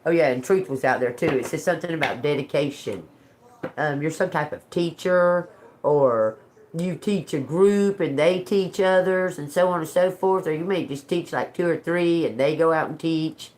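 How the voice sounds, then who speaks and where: Woman, lower voice, casual tarot live-streamer at home, rambling and salty-mouthed, laughs a lot. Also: normal speed, noisy background. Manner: rambling, laughing, cursing storyteller. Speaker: tarot reader. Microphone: phone.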